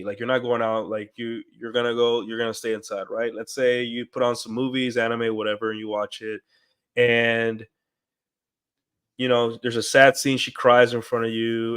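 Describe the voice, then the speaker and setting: A man talking straight to his stream audience in a loose, rambling monologue. His voice sits at an ordinary middle pitch, and he leans on fillers and restarts as he goes. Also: a bit bright, smooth. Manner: rambling, with frequent fillers and acted-out quotes. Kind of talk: casual monologue.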